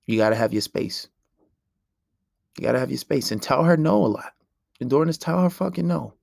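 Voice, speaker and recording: A man's voice: on the high side, lively intonation, brisk, vocal fry, a little mellow, dry recording, studio quality. A man hosting a solo podcast, ranting in a brash, profane and preachy way. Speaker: podcast host.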